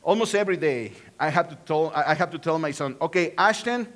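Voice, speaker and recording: A man's voice: fairly high pitch, expressive, fairly quick, a bit bright. A man from Mexico, a Spanish speaker with a Mexican accent, preaching a playful sermon and joking with his congregation. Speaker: pastor. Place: church auditorium.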